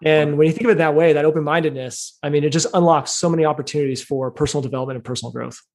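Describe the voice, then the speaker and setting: A man in his thirties, a podcast guest, talking in a thoughtful, measured way with plenty of fillers. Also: a little high, steady tone, darkish tone. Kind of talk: casual interview talk.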